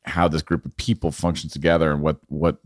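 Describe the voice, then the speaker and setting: A man's voice: a bass voice, flat delivery, fairly quick, darkish tone, no room sound, studio quality. A man who is a guest filmmaker on a podcast, talking in a reflective, rambling way in casual conversation. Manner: reflective, rambling with fillers and restarts.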